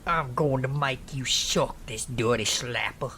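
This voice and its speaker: A man voicing a drunk, violent male stranger who shouts slurs and threats at a frightened young woman. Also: medium pitch, unhurried, a little hiss or hum. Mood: menacing abuse.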